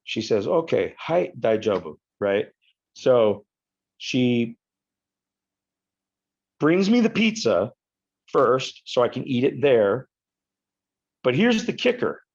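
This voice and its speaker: A mid-pitched man in his fifties tells stories, swearing freely and jumping around with energy. The audio is a little dull, like a modest podcast setup. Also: creaky, breathy edge. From United States. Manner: animated, profane storytelling. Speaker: podcast guest, retired wrestler. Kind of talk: casual storytelling interview.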